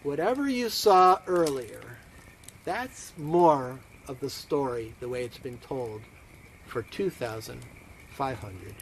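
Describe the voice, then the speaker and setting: Animated, unhurried male rabbi storyteller. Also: mid-range voice, creaky, a little hiss or hum. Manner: dramatic, drops to near whispers and swells. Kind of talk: storytelling to a congregation online.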